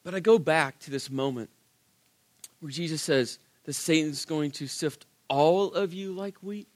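A man preaching a sermon, telling the story with animated, acted-out quotes and rhetorical questions. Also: a little high, unhurried. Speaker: pastor.

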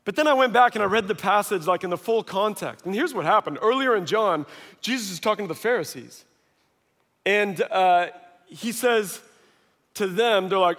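A high-voiced male preacher delivers a sermon at normal speed in a reverberant hall. His storytelling is animated, and he acts out the voices he quotes.

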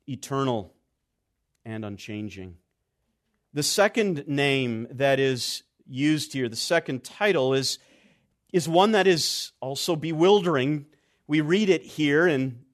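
A man preaching an expository sermon, stressing key words deliberately and letting his voice drop low and quiet at the ends of phrases.

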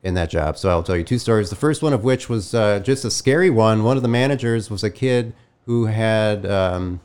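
A man's voice: on the low side, normal speed, a little mellow, smooth. A man co-hosting a comedy podcast, chatting casually with playful, ironic asides. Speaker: podcast co-host.

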